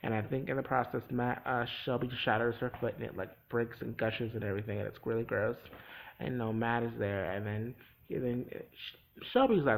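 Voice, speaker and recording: Casual male vlogger with a gravelly voice, chatty and rambling, recapping a show. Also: mid-range voice, moderate pace, slight background noise, poor audio. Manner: rambling, chatty, with many restarts and acted-out quotes.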